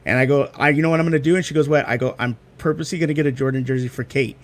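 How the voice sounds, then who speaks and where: A young man chatting as a guest, animated and fond of acting out what people said. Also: medium pitch, racing. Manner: animated storyteller, acts out quotes. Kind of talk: casual chat.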